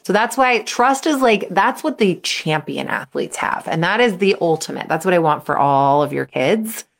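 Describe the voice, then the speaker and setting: A young woman coaching parents on her podcast, in a somewhat low voice. She talks in a loose, chatty way full of fillers and restarts. When she acts out a quote, her voice leaps up in high, excited bursts. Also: moderate pace, gravelly. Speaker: mental skills coach for young athletes. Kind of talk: casual advice podcast.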